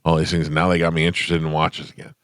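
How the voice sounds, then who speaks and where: A man's voice: very deep voice, very fast, smooth, no echo. A man hosting a radio show, chatting casually and joking with his co-hosts in the studio. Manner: relaxed, joking banter. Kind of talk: casual morning radio chat.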